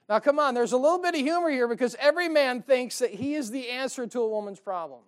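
A male pastor preaching a sermon to a church congregation, joking and calling out "Amen?", swinging between loud and quiet. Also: very high-pitched, lively intonation, fairly quick. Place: church service.

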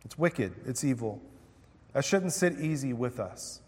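A man's voice: medium pitch, animated, unhurried, husky, in a large hall. A man preaching a sermon, reading scripture aloud with dramatic emphasis and then explaining it in plain words. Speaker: pastor.

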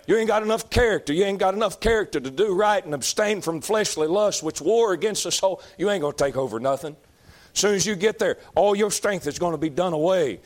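A man preaching a fiery sermon, emphatic and repetitive, rising to shouts. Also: high voice, lively intonation, brisk. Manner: folksy, emphatic, shouting at peaks, repeats lines.

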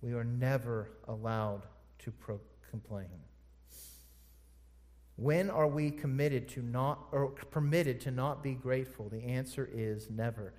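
A man preaching a sermon as pastor, asking rhetorical questions and moving between quiet, low passages and loud, forceful ones. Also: unhurried, big-room sound.

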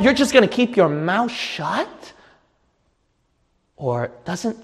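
A man preaching a sermon with passion, building from slow teaching up to shouting and crying out. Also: high-pitched, very animated. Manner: impassioned, rising to shouts and cries. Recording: long hall reverb.

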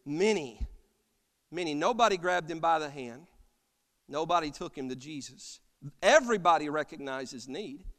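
A man preaching an impassioned sermon as pastor, swinging from loud cries to soft, quiet lines. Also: a little high, animated, normal speed. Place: church sanctuary. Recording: long church reverb.

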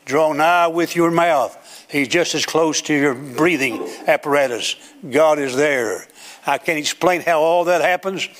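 Older male preacher, emphatic sermon. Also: on the high side. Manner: emphatic, rising to loud preaching cadence. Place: church sanctuary with platform.

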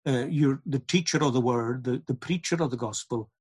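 A man's voice: medium pitch, moderate pace, darkish tone, husky. A man preaching an earnest sermon, building to emphatic repeated lines.

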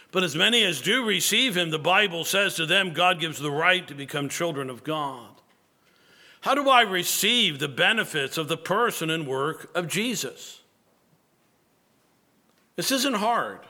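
A male pastor preaching with a fervent, emphatic delivery. His voice is sharp and forceful, sitting a little higher than most men's. He often doubles words as he drives a point home. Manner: emphatic, repeats words when building a point. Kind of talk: sermon.

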